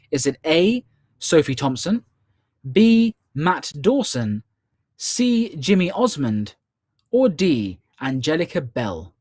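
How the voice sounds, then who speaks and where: British guy hosting a charity quiz online, upbeat, cracks little jokes, kinda high voice, dry sound. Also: dry recording. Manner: upbeat, with playful ad-libbed asides. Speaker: quiz host.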